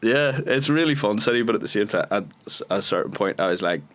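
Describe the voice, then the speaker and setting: A man's voice: on the low side, lively intonation, fast talker, a bit bright. A Northern Irish man in his thirties, a guest actor telling chatty anecdotes on a podcast and laughing often. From Northern Ireland. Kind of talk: casual podcast chat.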